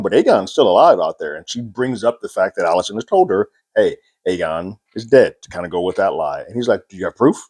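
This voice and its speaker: Chatty man with a low voice. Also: darkish tone, breathy edge. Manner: loose and chatty, paraphrasing scenes with frequent "like" and quick voices; amused, laughing between points. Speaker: TV show recap host. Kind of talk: casual episode breakdown.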